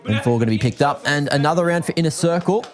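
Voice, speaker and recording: A man from Australia with an Australian accent, calling esports play-by-play with quick, excited reads of the action. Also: fairly high pitch, faint music behind. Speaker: esports caster. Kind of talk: play-by-play commentary.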